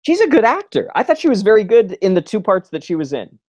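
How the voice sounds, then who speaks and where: A man's voice: sits high, very animated, fast, darkish tone. A man co-hosting a podcast in casual chat, joking and sarcastic, often acting out lines in silly voices. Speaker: podcast co-host.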